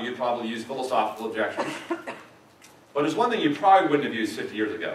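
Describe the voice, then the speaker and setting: A middle-aged man teaches a church audience in a relaxed, conversational way with touches of dry humor. His voice rings through an echoey sanctuary, picked up from a distance over a faint room hum. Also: medium pitch. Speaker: guest lecturer at a church.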